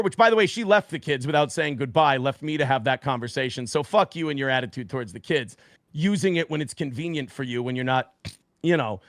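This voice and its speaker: A guest in his forties tells a story on a stream, blunt and profane, acting out what other people said in an animated retelling. His mid-range voice moves fairly quickly. The sound is clean studio audio with no echo.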